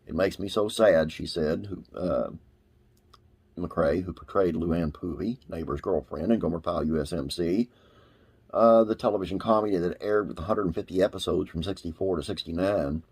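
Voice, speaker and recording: A man's voice: low-pitched, moderate pace, darkish tone, husky. A man hosting a classic TV trivia channel, reading an article aloud in a casual way with frequent "uh" fillers.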